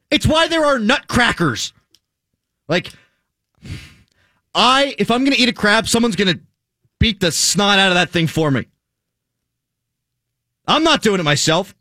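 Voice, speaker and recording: Young male host from Pittsburgh, high bright voice, dry close mic, sarcastic and blunt. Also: dry recording. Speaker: show host. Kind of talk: casual banter on a podcast.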